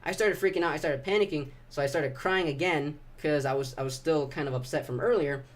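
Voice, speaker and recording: A young man telling a raw, halting personal story to the camera, swearing often and restarting his sentences. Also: fairly high pitch. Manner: halting, emotional, profane, many restarts. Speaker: vlogger.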